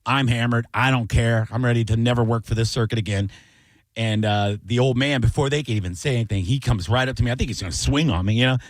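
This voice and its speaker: A middle-aged man and comedian telling a long story on a radio talk show, acting out voices with loud, high bursts. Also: fast, dry recording. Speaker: comedian guest.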